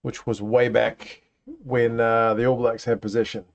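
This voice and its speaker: A man's voice: mid-range voice, flat delivery, unhurried, creaky. A man hosting a casual live watch-along, reacting to play and chatting with viewers. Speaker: livestream host. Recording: dull lo-fi stream audio.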